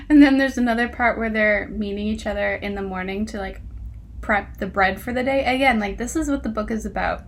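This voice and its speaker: A woman's voice: mid-range voice, moderate pace. A woman casually reviewing a book, reading passages aloud and mocking them with exasperated, sarcastic asides and frequent laughter.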